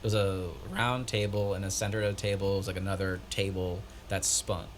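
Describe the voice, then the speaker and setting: This is a man with a voice on the low side, co-hosting a casual podcast. He tells his stories in a lively way and slips into the voices of the people in them. A faint hiss sits under the recording. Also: fairly quick. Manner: animated storyteller, acts out quoted voices. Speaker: podcast co-host. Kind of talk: casual chat.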